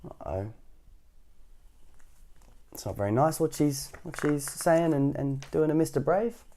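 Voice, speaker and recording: A man's voice: fairly high pitch, lively intonation, unhurried, warm tone, a little hiss or hum. A man hosting storytime, reading a children's picture book aloud with casual asides to young listeners. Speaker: storytime host.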